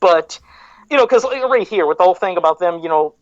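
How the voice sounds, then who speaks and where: A man's voice: high voice, expressive, fast talker, no echo. Rambling male podcast host, dull dry sound. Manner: rambling, self-correcting, with side rants. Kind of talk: casual podcast chat.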